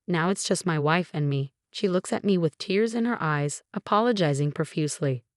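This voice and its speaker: Woman, story narration, low pitch, even and steady, dry close sound. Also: dry recording. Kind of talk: scripted first-person story narration.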